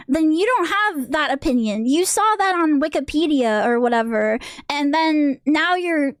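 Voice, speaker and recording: A woman's voice: high voice, moderate pace, few pauses, no room sound, clean studio sound. A woman streamer in a casual rant, rambling and restarting her sentences, sounding exasperated. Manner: rambling, self-interrupting, exasperated.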